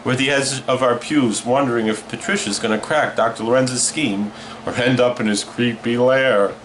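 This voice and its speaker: A man's voice: mid-range voice, fairly even intonation, normal speed, noisy background. A man hosting a late-night horror movie show, delivering hammy comic patter sprinkled with Yiddish words.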